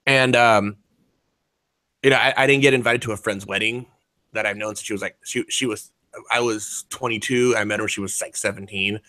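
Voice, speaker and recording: A man's voice: lowish voice, steady tone, a little fast, sharp tone, no echo. A man in his forties talking in a rambling, profane way, full of fillers and restarts. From United States. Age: 40s. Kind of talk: casual chat.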